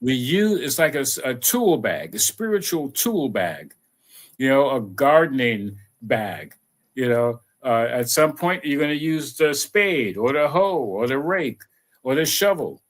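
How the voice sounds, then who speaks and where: A man giving an unhurried, conversational spiritual talk and leading affirmations, with many "you know"s. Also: mid-range voice, very animated. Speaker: spiritual teacher.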